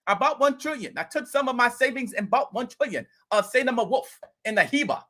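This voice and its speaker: A man voicing his excited neighbor, a crypto newbie who boasts in a high, gleeful voice. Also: fairly quick, full character voice.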